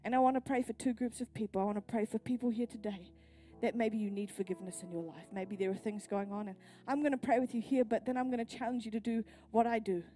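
A woman's voice: fairly high pitch, fairly even intonation, fast, few pauses, warm tone, faint music behind. A woman pastor with a New Zealand accent, pregnant, preaching a sermon at a church service with earnest personal storytelling.

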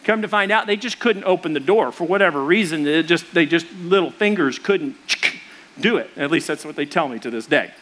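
A man's voice: a little high, fairly quick. A man preaching a sermon, telling a story in a loose, conversational way and acting out the voices in it. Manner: animated, acts out the voices in his story; conversational, with fillers and restarts. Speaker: pastor.

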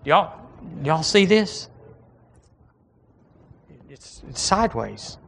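A male pastor, preaching an animated sermon and calling on the congregation to repeat lines after him. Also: a little high, very slow, gravelly.

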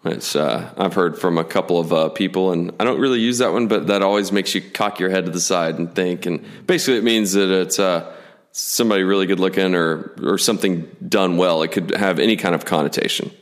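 Low-voiced man hosting casually. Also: brisk. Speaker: podcast host. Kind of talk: interview questions, casual.

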